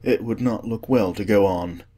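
A man's voice: lowish voice, normal speed, natural voice. A man doing a cool, cynical aristocrat. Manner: calm, dismissive. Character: urbane, cynical older male aristocrat.

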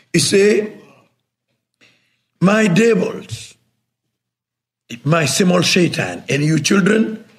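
Man, religious teacher, sermon, fairly high voice, loud then very quiet. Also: gravelly. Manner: non-native English, asks listeners if they follow, swings between loud and very quiet.

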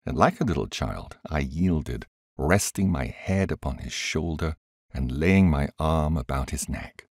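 A man reading an audiobook aloud in a measured, expressive way. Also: rumbling low, husky, no echo, studio quality. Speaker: audiobook reader. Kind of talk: scripted audiobook narration.

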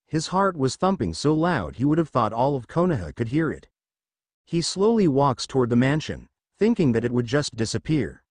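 A man reading fan fiction aloud as narrator, in a steady storytelling manner. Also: medium pitch, normal speed, dry recording.

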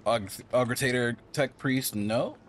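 A man's voice: medium pitch, unhurried, slight background noise. A man commentating casually over a game he is playing, rambling and thinking aloud. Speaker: gameplay streamer.

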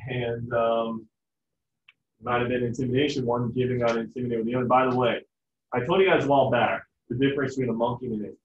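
A man's voice: medium pitch, little pitch movement, fast talker, a little hiss or hum. A man teaching a biology class in a casual, joking lecture manner. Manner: casual, joking, acts out family voices. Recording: echoey, distant, dull room sound.

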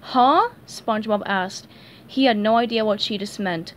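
A young woman reading a children's storybook aloud in an expressive, animated way. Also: medium pitch, normal speed, a little hiss or hum. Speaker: story reader.

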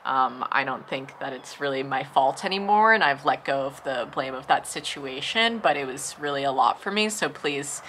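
Low, bright-voiced chatty woman vlogger. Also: animated, normal speed, hardly any pauses, a little hiss or hum. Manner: chatty, fillers like "like" and "you know". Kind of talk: casual storytime.

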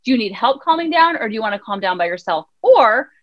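A woman child counselor on a podcast, telling a parenting story in an animated way and acting out her son's lines. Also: fairly high pitch, fast, dull audio. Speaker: child counselor and life coach guest. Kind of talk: podcast conversation.

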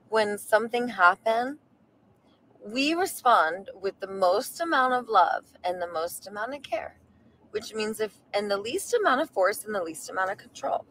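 A woman giving an earnest spiritual talk in a soft, soothing way. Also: mid-range voice, slight background noise.

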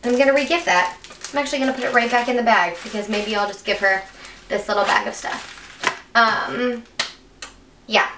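Young woman beauty vlogger, higher voice, gushy and gaspy, a bit far from the mic in an echoey room. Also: moderate pace, long pauses. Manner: gushing, gasping, breathless enthusiasm. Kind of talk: excited unboxing chat. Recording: echoey room, mic at a distance, faint hiss.

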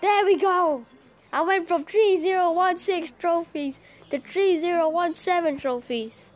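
A woman giving excitable live commentary over her own card-battle game, cheering and groaning at every play. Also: very high voice, a little slow. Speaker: gaming channel host.

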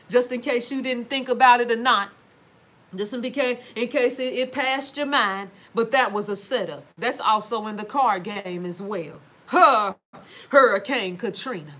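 This woman has a fairly high, fairly bright voice and talks casually to viewers from home. She reads out their comments during a livestream monologue, speaking emphatically and swearing freely as she addresses them directly.

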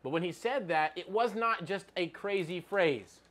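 A man with a fairly high voice leads a relaxed Bible teaching. He reads verses aloud, then talks them through in a loose, conversational way, sometimes pausing to hunt for the next passage. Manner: conversational, reads scripture aloud and looks up verses mid-talk.

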